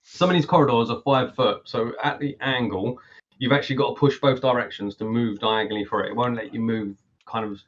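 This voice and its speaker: A man's voice: medium pitch, fairly even intonation, fairly quick. A man running a tabletop game as game master, explaining at length with lots of fillers. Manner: rambling, filler-heavy explanations. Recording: dull lo-fi voice chat audio.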